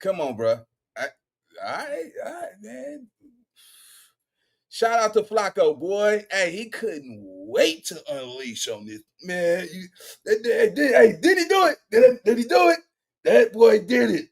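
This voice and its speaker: A man hosting a reaction video, loudly teasing and exclaiming in slangy casual commentary. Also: sits high, unhurried. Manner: excitable, teasing, loud exclamations and laughter; repeats slangy tags like "boy" and "bro".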